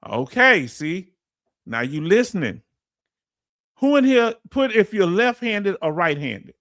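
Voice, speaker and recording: A man's voice: high voice, big pitch swings, slow, a bit bright, no echo, studio quality. A man with a Southern US accent hosting a casual livestream, reading out viewer comments and explaining things in loose, chatty speech. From Southern United States. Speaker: livestream host.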